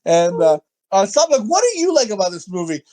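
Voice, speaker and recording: A man co-hosting a casual podcast chat, crude, rambling and excitable, often talking over others. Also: high voice, brisk. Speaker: podcast co-host.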